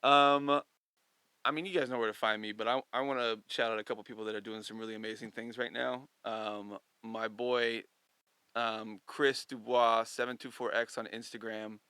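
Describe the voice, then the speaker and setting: Bright-voiced young man telling stories. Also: mid-range voice, normal speed, clean tone, no room sound, poor audio. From Missouri. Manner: animated storyteller, swears freely. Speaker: podcast guest. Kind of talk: casual chat.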